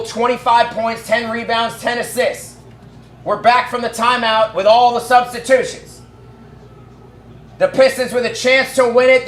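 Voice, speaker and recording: A man calling live basketball play-by-play from his own setup, rattling off quick calls and shouting at the big plays. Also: extremely high pitch, roomy sound. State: out of breath. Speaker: fan play-by-play commentator.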